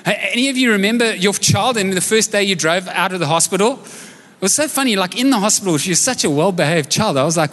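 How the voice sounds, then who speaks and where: A high-pitched man preaching live in a church, his voice ringing with a long hall echo. He is from South Africa and talks conversationally, cracking jokes and throwing questions to the congregation. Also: expressive, quick pace, fairly bright tone. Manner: conversational, jokey, asks the audience questions. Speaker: pastor. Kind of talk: sermon with personal stories. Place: church auditorium, live service.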